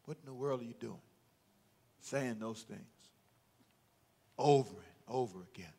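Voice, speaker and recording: A man pastor preaching a sermon with emphatic delivery and rhetorical questions, often building to loud peaks. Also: medium pitch, measured pace, creaky, breathy edge.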